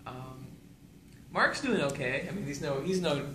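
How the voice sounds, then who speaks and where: Young man, high-ish voice, laughs often, casual student, roomy sound. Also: expressive, measured pace. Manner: jokey, laughs often, repeats words back. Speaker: student learner. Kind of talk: casual joking. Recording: echoey room with faint noise.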